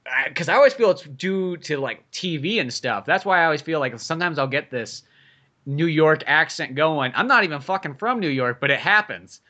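A man's voice: on the high side, lively intonation, normal speed, sharp tone. A man from California on a comedy podcast, bantering casually with frequent swearing and laughter. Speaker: podcast co-host.

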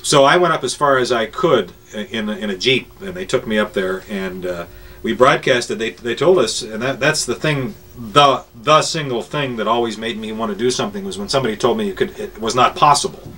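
An older man who worked as a radio morning show host looks back on his career in an interview, rambling through anecdotes with many filler pauses. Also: fairly low pitch, pushed and bright, breathy edge. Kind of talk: reminiscing interview storytelling. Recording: voice a bit distant from the mic.

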